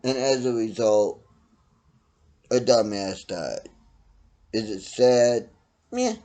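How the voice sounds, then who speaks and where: A middle-aged man delivers a profane opinion rant at a slow, deliberate pace, with a mid-pitched voice. He talks bluntly, rising to loud outbursts and then dropping to low mutters. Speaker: vlogger ranting to camera.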